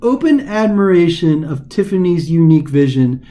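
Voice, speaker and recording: A man's voice: a little high, expressive, normal speed, dark tone. A man tutoring as a test prep teacher in a casual recorded lesson, talking informally and dramatizing the text as he explains it.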